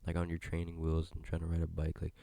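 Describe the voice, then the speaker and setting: A man's voice: rumbling low, monotone, fast, gravelly, dark tone, dry recording. A young man hosting a solo podcast, rambling in a laid-back way and swearing freely. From United States. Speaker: podcast host. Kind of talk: solo casual podcast chat.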